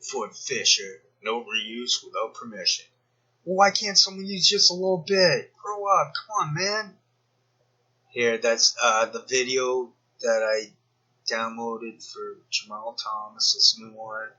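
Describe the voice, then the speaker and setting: A man's voice: mid-range voice, a little slow, pushed and bright, lo-fi sound. A man giving rambling, sarcastic commentary as a YouTuber, full of mocking asides and digressions. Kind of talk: rambling screen-share commentary.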